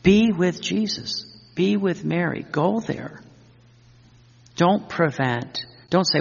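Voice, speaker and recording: A man gives an earnest sermon, circling back over his words and piling up long devoted lists. His voice is heavily gravelly and husky at a middling pitch. The sound is dull and lo-fi, with a long hall reverb trailing behind it. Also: expressive, slow pace, pauses often. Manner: earnest, repetitive, with restarts and fervent lists. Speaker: preacher.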